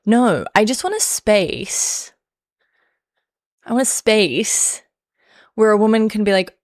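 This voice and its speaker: A woman's voice: medium pitch, animated, unhurried, long pauses, dry recording, clean studio sound. An Australian woman hosting a casual livestream who rambles with lots of fillers and self-mocking humor. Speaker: livestream host.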